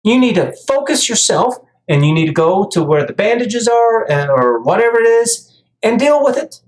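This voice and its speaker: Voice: medium pitch, very animated, moderate pace. A heated commentator rants straight to the viewer in a monologue, tripping over and repeating words as the points pile up. The voice sits in a mid range and rings in a roomy, echoey space. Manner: heated, stammering restarts. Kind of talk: ranting monologue. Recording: echoey room.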